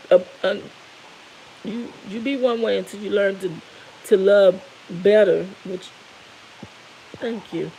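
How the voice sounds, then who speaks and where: A woman's voice: mid-range voice, a little mellow, slight background noise, poor audio. A middle-aged woman candidly telling viewers an emotional personal story, tearful at moments. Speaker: vlogger.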